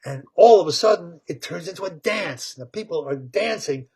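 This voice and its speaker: A man retelling a story with excitement, repeating words, laughing and tripping over tongue twisters. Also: high voice, normal speed, gravelly, few pauses, background noise.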